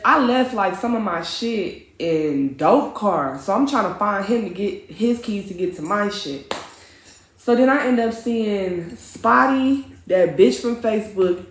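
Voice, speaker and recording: Woman telling a wild story in a roomy room. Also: medium pitch. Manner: animated, profane, dramatic retelling with slang. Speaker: vlogger. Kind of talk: casual storytime vlog.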